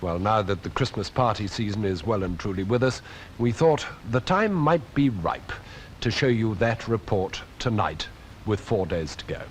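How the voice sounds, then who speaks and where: A man's voice: lowish voice, lively intonation, normal speed, slight background noise. A British man giving a formal studio link on 1970s television. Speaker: TV studio presenter.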